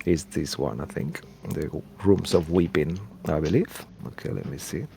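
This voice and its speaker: A man's voice: rumbling low, normal speed, vocal fry, mellow, slight background noise. A man narrating a tabletop game as game master, rambling with many fillers.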